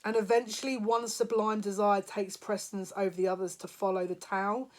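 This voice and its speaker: A woman's voice: mid-range voice, level tone, brisk, slight background noise. A woman giving a spiritual psychic reading to her viewers, talking in an emotional way. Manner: emotional, laughing, tearful at moments. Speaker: psychic reader. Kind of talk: spiritual card reading to camera.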